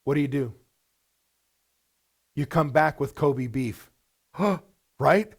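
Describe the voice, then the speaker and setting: Male webinar presenter: blunt, animated, with a gravelly edge. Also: medium pitch, slow pace. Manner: blunt and animated, asks rhetorical questions. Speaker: restaurant business coach.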